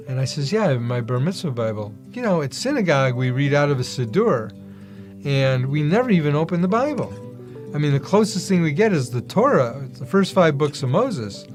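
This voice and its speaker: A man's voice: mid-range voice, expressive, normal speed, a little mellow, faint music behind. A man giving a personal testimony, telling his story vividly and acting out the dialogue in it. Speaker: testimony speaker.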